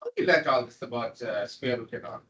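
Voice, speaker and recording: A man giving a classroom programming lecture, animated and repetitive as he coaxes his students along. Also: mid-range voice, a little fast, lo-fi sound. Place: lecture room. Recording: voice distant from the mic.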